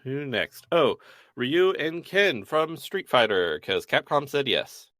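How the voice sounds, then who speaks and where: A man's voice: mid-range voice, big pitch swings, takes it slowly, a bit bright, no echo. A man co-hosting a podcast, running through a list of video game characters with dry jokes and wry asides. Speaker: podcast co-host. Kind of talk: casual chat about video games.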